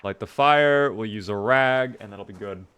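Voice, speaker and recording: A man's voice: on the low side, moderate pace, a bit bright, clear, resonant tone. A man streaming a video game live, chatting casually and answering viewer messages as he plays.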